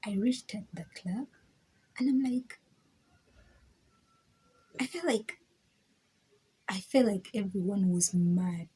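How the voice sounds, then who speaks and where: A woman's voice: medium pitch, slow, long pauses, dark tone, slightly rough, rough recording. Chatty young woman telling a story. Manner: chatty, repeats words, laughs often, drops to a whisper. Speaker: vlogger. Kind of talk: casual storytelling.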